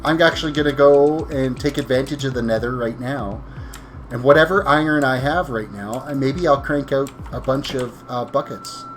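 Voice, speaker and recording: A man's voice: mid-range voice, normal speed, soft background music. A tired man streaming a video game live, chatting casually with viewers, rambling and correcting himself as he plays. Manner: rambling, self-correcting, talks while playing. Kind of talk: casual gameplay commentary.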